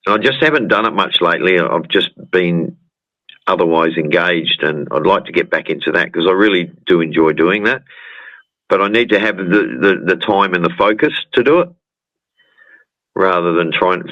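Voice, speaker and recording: A man's voice: deep voice, normal speed, no echo, muffled recording. A man with an Australian accent, a guest musician chatting casually in a rambling way and stumbling over repeated words on a video call. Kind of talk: casual chat.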